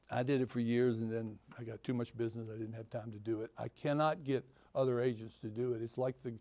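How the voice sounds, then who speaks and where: At a conference venue, a man gives a folksy motivational talk about the real estate business, telling homespun stories with dry humor. His middle-pitched voice is gravelly, creaky and dark in tone, and he hammers his points home by repeating key phrases.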